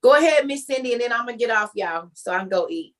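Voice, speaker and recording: A woman's voice: on the high side, fast talker. A woman hosting a casual faith chat on a video call and talking to her audience in a folksy way. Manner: animated, folksy, addresses the audience as y'all. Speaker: host of a religious study group.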